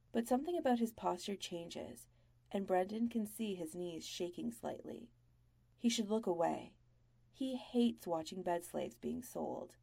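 A woman narrating an audiobook in a measured, low-key storytelling manner. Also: gravelly, dark tone, no echo.

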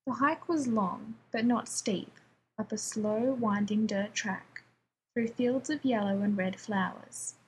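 A woman narrating fan fiction aloud in a calm, even storytelling voice. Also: on the high side, slow, slight background noise, low-quality recording.

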